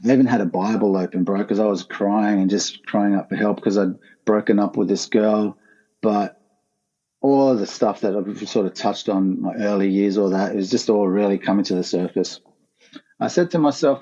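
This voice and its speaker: Earnest man, dark muffled voice. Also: lowish voice, moderate pace. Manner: earnest, intense, casual slang. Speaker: podcast guest, former pro skateboarder. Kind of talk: emotional personal storytelling. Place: his art gallery, remote call.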